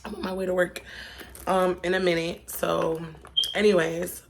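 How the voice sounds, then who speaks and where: A woman's voice: medium pitch, unhurried, fairly bright tone. A young woman from Pennsylvania vlogging in a chatty, rambling, slangy way that turns emotional. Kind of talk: casual chat. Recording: faint background noise.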